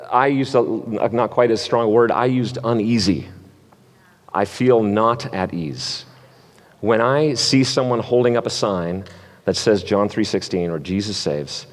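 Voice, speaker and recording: A man preaching a sermon as pastor, switching between playful game-show hosting and reflective teaching. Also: lowish voice. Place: church sanctuary. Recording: long hall reverb.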